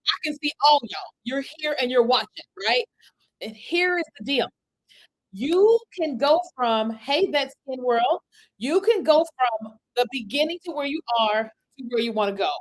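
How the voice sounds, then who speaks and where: A woman's voice: high-pitched, measured pace, rough recording. A woman coaching people on content creation in a chatty livestream, often checking in with the audience. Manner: animated, chatty, asks the audience for replies, frequent "right?" and "okay?". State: itchy from an allergy. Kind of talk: livestream talk to viewers. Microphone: computer webcam.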